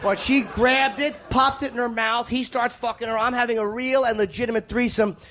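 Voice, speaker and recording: A high-pitched man works a crowd with a raunchy, self-deprecating tale. His punchlines land hard and fast. The live recording carries clear room noise and laughter behind him. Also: steady tone, bright, forceful tone. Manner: crude, self-mocking, punchy delivery. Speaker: stand-up comedian. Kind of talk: stand-up storytelling.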